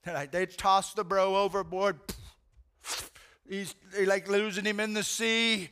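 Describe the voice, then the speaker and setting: A man preaching a sermon, retelling a story in animated, casual language with slang like "man" and "bro". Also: sits high, unhurried, clean tone. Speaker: pastor.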